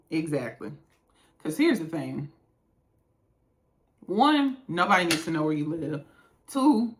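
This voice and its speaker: A woman hosting a casual reaction video while doing her makeup, emphatic and giving advice, repeating herself for stress. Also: low voice.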